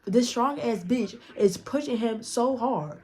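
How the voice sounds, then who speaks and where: A woman's voice: fairly high pitch, measured pace, warm tone. A woman vlogger telling a storytime in a blunt, profane way, acting out the dialogue as she goes. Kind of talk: casual storytime narration.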